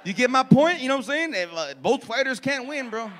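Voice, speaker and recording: Very high-pitched, animated and a bit bright, this male comic talks briskly as he works the crowd. His material is brash and profane, and the comedy club audience is laughing.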